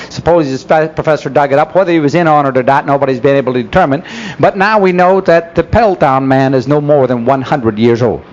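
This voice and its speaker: Man, church lecture, sarcastic rhetorical questions, dull lo-fi 1970s recording. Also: on the high side. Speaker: speaker.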